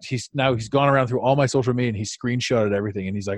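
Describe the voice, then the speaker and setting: A man's voice: lowish voice, quick pace, hardly any pauses, no room sound. A male podcast host in casual conversation who rambles, swears freely and laughs often, with frequent restarts.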